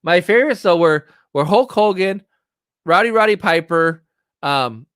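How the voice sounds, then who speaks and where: Excitable rambling middle-aged man. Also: sits high, unhurried, smooth, no echo, clean studio sound. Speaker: livestream host. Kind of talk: casual livestream chat. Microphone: streaming setup, close mic.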